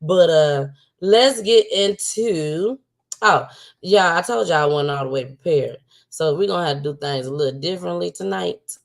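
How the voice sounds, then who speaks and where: A woman hosting her own livestream in a loose, chatty style, her voice sitting a little low. She is emotional and close to tears, yet breaks into laughter often and speaks from the heart. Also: moderate pace, vocal fry. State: tearful. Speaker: livestream show host. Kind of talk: casual livestream chat.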